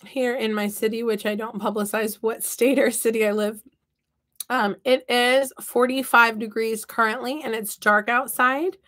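A woman's voice: on the high side, steady tone, measured pace, fairly bright tone. Chatty woman hosting a craft livestream. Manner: chatty, reads out viewer comments; playful and upbeat. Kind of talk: casual chat while crafting. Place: her home office.

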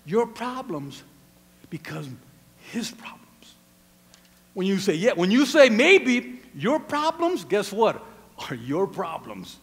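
Male pastor mid-sermon: high, gravelly voice, swings from hushed to shouting, long church reverb. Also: very animated, takes it slowly. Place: church sanctuary.

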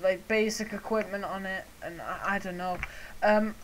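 A young woman, co-manager of a gaming channel, introduces it casually and haltingly, with many fillers. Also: mid-range voice, fairly even intonation, slight background noise, poor audio.

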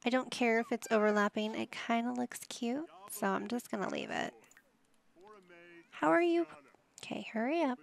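With a somewhat high voice, a moderate pace, and vocal fry, a woman hosts a life-sim gameplay video for her gaming channel. Her casual commentary directs the characters like a patient parent would, peppered with wry, slightly exasperated remarks.

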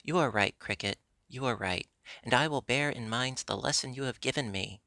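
Man voicing earnest puppet boy, eager, pleading, bright gravelly tone. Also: medium pitch, normal speed, dry recording.

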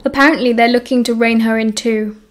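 A woman with a British accent reading the lines of a bitter, dramatic teenage boy wizard who enunciates crisply. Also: fairly high pitch, steady tone, a little fast, natural voice.

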